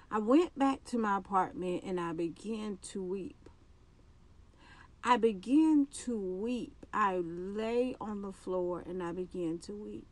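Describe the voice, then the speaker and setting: Slow, earnest woman giving a faith testimony. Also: medium pitch. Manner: earnest, halting, with restarts and repetitions. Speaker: podcast host.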